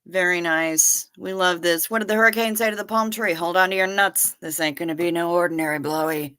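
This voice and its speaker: A woman hosts a casual livestream, reading viewer comments in a folksy, chatty way, greeting people by name and calling them honey. Her voice is lowish, smooth, bright, and forceful, brisk with fairly even intonation. She hums and sings little doo-doo fillers.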